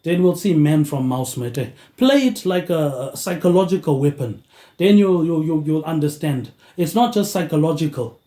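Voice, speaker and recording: A man's voice: a little high, expressive, moderate pace, dark tone, reverberant. A man hosting his own show in a rambling monologue, tagging lines with "mate, eh" in a dropping tone. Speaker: podcast host.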